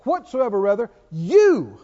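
A man's voice: extremely high pitch, huge pitch swings, unhurried, mellow. A man preaching a sermon, emphatic, firing rhetorical questions at his listeners and drawing out key words for emphasis. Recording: reverberant, dull lo-fi church recording.

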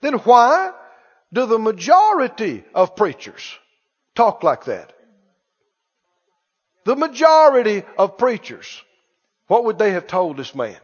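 A male preacher with a very high voice delivers an animated, emphatic sermon and repeats his key lines for stress. His voice rings with a long reverb in a church sanctuary. The recording sounds dull and lo-fi. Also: slow pace, pauses often.

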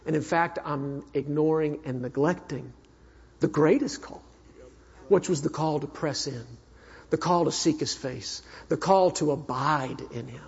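A husky, fairly high-pitched man preaches, his voice carrying a long hall echo. He is an earnest minister who swings between fervent and hushed. The sound is slightly dull and muffled. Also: a little slow. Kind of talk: sermon with personal storytelling.

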